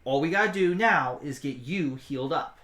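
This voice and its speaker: A man's voice: fairly high pitch, lively intonation, normal speed, pushed and bright. A man voicing a stern female dwarf, loyal to her council, who talks curtly and snaps. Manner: curt, snapping. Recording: roomy echo.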